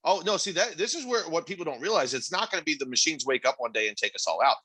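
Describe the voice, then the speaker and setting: A man's voice: a little high, animated, fast, bright, forceful tone, slightly rough. A man co-hosting a podcast, arguing his points emphatically in casual chat with plenty of swearing. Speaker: podcast co-host.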